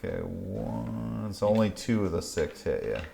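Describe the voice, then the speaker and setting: Man, dungeon master, lowish voice, matter-of-fact, tabletop game. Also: normal speed, vocal fry, warm tone, a little hiss or hum. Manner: matter-of-fact rules talk.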